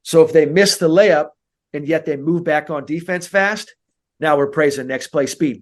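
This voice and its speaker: A man, a mental skills coach, talking in a podcast interview and acting out coach and player dialogue. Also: normal speed. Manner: animated, acts out coach and player dialogue with big pitch jumps.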